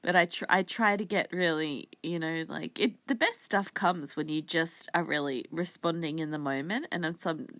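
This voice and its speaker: A woman calling in to a casual show, enthusiastic and thoughtful, speaking in a relaxed way. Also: low-pitched, normal speed, few pauses, no room sound. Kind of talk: casual chat.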